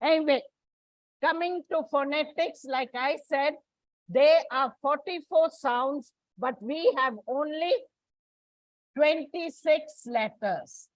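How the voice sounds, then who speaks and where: A woman's voice: sits high, slow pace, no echo, rough recording. A woman from India giving a classroom lecture as an English teacher, explaining step by step with frequent restarts and fillers.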